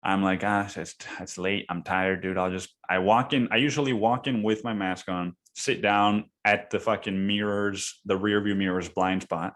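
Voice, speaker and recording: A young man hosting a podcast, telling a story in casual chat, swearing a lot and calling the listener dude and man, and acting out quoted people with sudden high yells. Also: fairly even intonation, normal speed, few pauses. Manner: profane, slangy, says dude and man a lot; acts out quoted voices with sudden high yelling. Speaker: podcast host.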